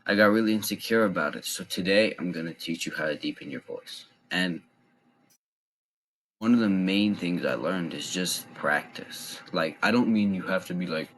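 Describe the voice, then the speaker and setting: A young man giving casual voice tips in a relaxed, rambling way with lots of fillers. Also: low-pitched, moderate pace, slight background noise, poor audio. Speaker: voice tips vlogger. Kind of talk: casual instructional talk.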